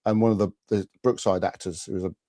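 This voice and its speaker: Hosting a live-stream fan chat show, a middle-aged man spins rambling, casual stories full of fillers and false starts. He's a podcast host with a deep, warm voice, fairly even intonation and a fast delivery. There's no echo on the recording.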